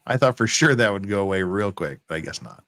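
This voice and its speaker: A man hosting a casual live stream with guests. He jokes and banters, and his voice is relaxed and low today. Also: quick pace. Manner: joking, banters with guests, jumps between high and low. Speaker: host.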